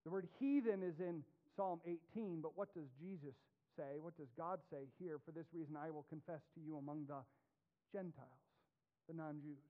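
This male preacher's voice is on the high side, and the sound is narrow and tinny, as if through a phone. He reads scripture with deliberate weight during his sermon, pitching his voice sharply up and down for emphasis.

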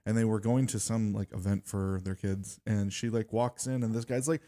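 A man's voice: fairly low pitch, steady tone, normal speed, mellow. A man on a church discussion panel, speaking eagerly and filling his sentences with "like". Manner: eager, filler-heavy with many "like"s. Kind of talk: casual faith discussion.

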